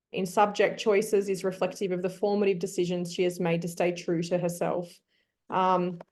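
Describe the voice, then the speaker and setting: A woman's voice: medium pitch, a little mellow. A woman teaching an online class, coaxing her students and thinking aloud with frequent ums.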